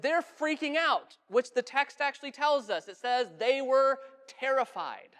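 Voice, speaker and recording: A man preaching a sermon as pastor, talking earnestly and conversationally, dropping to a hushed voice when he quotes. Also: very high-pitched, unhurried. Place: church sanctuary. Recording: church sanctuary with long reverb.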